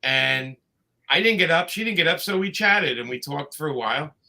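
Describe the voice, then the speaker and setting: A man's voice: a little high, expressive, normal speed, bright, forceful tone. A man telling long, rambling anecdotes in a casual chat, full of fillers and restarts. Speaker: comics creator telling stories.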